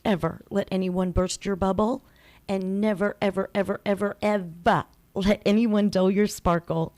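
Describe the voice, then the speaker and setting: A woman's voice: mid-range voice, dark tone. A woman in her forties hosting a motivational podcast, talking in a candid, chatty and emphatic way. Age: 40s. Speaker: podcast host. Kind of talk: motivational monologue.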